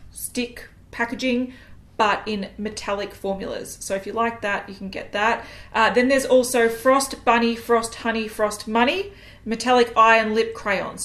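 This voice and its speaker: A woman's voice: a little high, fairly bright tone. A woman co-hosting a casual makeup chat, frank and chatty with many ums. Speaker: beauty co-host. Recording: roomy echo.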